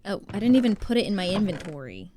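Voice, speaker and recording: A woman's voice: medium pitch, big pitch swings, fast, warm tone, slight background noise. A young woman streamer chatting casually with her viewers while playing a building game, swearing freely and making fun of herself. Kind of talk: casual live-stream chat while gaming.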